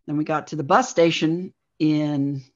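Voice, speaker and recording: A woman, a guest, recounting a personal experience in a halting storytelling way, often saying "like". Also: low-pitched, steady tone, a little mellow. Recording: dull lo-fi audio.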